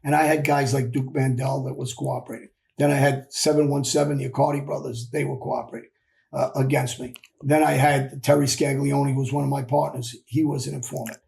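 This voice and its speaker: A man on a podcast, recounting his past in a measured, matter-of-fact way. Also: medium pitch, level tone, vocal fry, a little mellow. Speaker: host. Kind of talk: podcast conversation.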